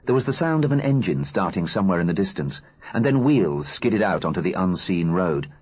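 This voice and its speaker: A male narrator reads a story aloud in an expressive, animated way. His voice sits low and husky, with wide, lively swings of pitch. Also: brisk. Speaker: audiobook narrator. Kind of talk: scripted narration.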